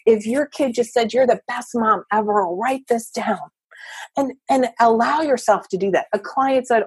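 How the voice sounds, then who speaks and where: A woman coach and therapist giving energetic, emphatic motivational advice as a podcast guest. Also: on the high side, moderate pace, slightly rough, no echo. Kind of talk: podcast interview.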